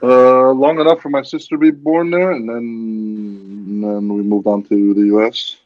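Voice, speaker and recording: A man's voice: mid-range voice, fairly even intonation, moderate pace, a little mellow, dry recording. A man hosting a casual group chat, rambling and restarting his sentences. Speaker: host. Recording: dull lo-fi sound.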